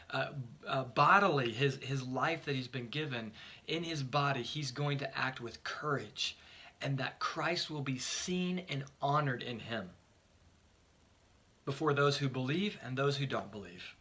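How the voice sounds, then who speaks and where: A man delivering a brief devotional as a pastor, his voice bright and edged, pitched in an ordinary middle range. He speaks earnestly and with emphasis, often repeating a word or two as he launches into a thought. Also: a little slow. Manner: earnest, emphatic, repeats words when starting phrases. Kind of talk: short devotional sermon.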